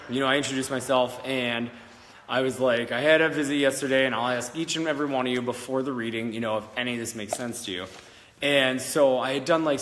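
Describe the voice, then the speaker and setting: A man who works as a psychic medium tells a story to camera in a casual, rambling, giggly way, full of fillers and restarts. His voice is mid-range and fairly bright, and he's indoors at an old country schoolhouse, where the big room echoes over slight background noise.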